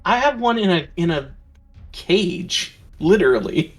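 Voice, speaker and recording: Man, tabletop player, joking, animated pitch, faint music behind. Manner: joking, quick asides. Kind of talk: casual tabletop game chat.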